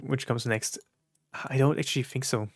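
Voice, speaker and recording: A man streaming, reacting to songs in casual, reflective talk with many pauses and fillers. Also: mid-range voice, steady tone, no room sound, clean studio sound. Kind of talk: casual live-stream commentary.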